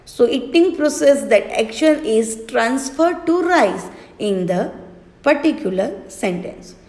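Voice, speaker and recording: A woman with an Indian English accent teaching English grammar, spelling words out letter by letter in a slow, deliberate way. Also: fairly high pitch, animated, darkish tone. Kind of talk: recorded grammar lesson. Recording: echoey room with long reverb.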